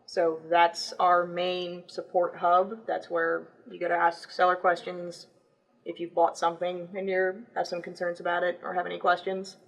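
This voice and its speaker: A woman's voice: on the low side, monotone, moderate pace, gravelly, poor audio. A woman who is a guest on a livestream, explaining marketplace work in brief, matter-of-fact answers. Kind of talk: casual livestream chat.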